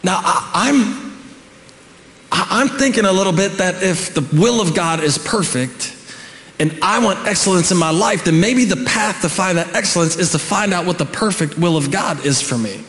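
A middle-aged man preaching a sermon as pastor, animated, building to shouts, with joking asides. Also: sits high, normal speed. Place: church sanctuary. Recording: echoey church hall with long reverb.

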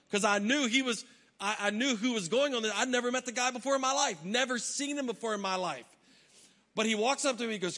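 Bright-voiced pastor in a reverberant hall. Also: male voice, high-pitched, fairly quick. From United States. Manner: animated, humorous storyteller, acts out his own reactions. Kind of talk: sermon with personal storytelling. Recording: long reverb of a large hall.

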